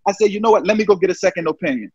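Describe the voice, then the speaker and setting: A man from New Orleans, a pro football player, telling stories in a casual interview, profane and animated, acting out quoted exchanges. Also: high-pitched, rapid-fire, slightly rough, no room sound. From New Orleans, USA. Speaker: guest, pro football cornerback. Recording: dry, dull lo-fi sound.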